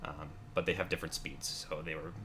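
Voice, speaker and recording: Guest builder, male, very low but bright voice, rambling casual talk with lots of fillers, faint background noise. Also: fairly even intonation, a little fast. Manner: rambling, many fillers and restarts. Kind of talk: casual conversation.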